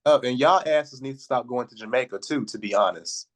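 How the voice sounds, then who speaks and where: A man's voice: mid-range voice, brisk. Sassy, sarcastic man podcast co-host. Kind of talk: casual podcast chat.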